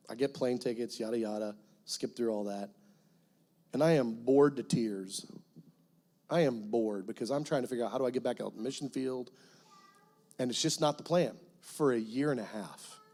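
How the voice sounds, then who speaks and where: A middle-aged guest pastor telling a personal testimony in a church, animated storytelling that breaks into loud cries as he acts out prayers. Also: mid-range voice, moderate pace, pauses often. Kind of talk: sermon testimony. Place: church sanctuary.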